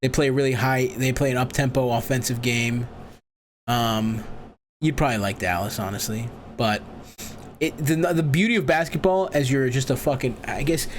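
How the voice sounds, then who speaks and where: A man's voice: medium pitch, normal speed, a little hiss or hum. A man hosting a comedic call-in advice show, crude, profane and rambling, full of boisterous asides. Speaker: host.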